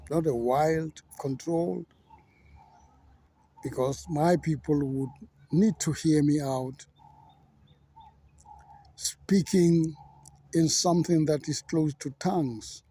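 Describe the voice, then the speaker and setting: Slow gravelly-voiced pastor, deliberate. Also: male voice, on the high side, dark tone. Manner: deliberate, measured and outspoken. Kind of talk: reflective monologue.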